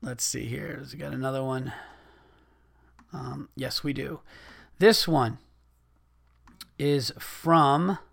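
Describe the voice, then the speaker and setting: A man's voice: medium pitch, steady tone, slow, gravelly, long pauses, fairly bright tone. A man in his thirties hosting a podcast, ranting in a heated, profane comedic way and often restarting his sentences. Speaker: podcast host.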